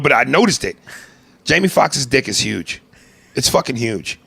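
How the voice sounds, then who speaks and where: A man's voice: mid-range voice, sing-song, normal speed, creaky, sharp tone, breathy edge. A man hosting a podcast, joking crudely and animatedly in casual chat, at times playing a bossy film director. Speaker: podcast host.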